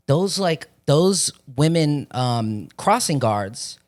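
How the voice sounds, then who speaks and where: A man's voice: fairly high pitch, sing-song, takes it slowly. A young man from Florida, an actor, telling rambling, profane stories in a casual chat and acting out the voices of the people in them. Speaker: podcast guest, actor.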